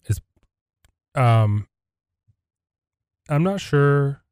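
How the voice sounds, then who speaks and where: A man's voice: medium pitch, expressive, drawn-out words, darkish tone, clear, resonant tone, no room sound. A man co-hosting a casual betting chat, hesitant and trailing off before blunt opinions. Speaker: podcast co-host.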